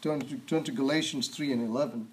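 A man preaching a sermon, stressing and repeating key words and often clearing his throat. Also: mid-range voice, quick pace, a little hiss or hum, poor audio.

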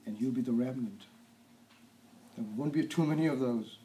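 A man preaching a sermon, stressing and repeating key words and often clearing his throat. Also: mid-range voice, normal speed, long pauses, mellow, slight background noise, poor audio.

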